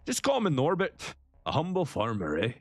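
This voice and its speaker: Man doing a Canadian farmer voice, raised pitch, folksy, cheerful, humble. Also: huge pitch swings, moderate pace, darkish tone, no room sound, studio quality.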